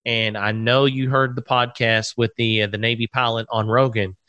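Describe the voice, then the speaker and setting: Podcast host, male, earnest and halting, dry close sound. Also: mid-range voice, flat delivery, pushed and bright, dry recording, muffled recording. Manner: earnest, halting, with many restarts. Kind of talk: casual interview chat.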